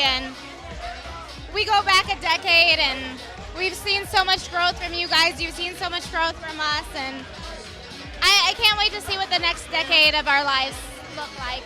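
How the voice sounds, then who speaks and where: A woman's voice: extremely high pitch, moderate pace, over music, crowd noise. A woman giving a sincere, laughing birthday toast to an old friend.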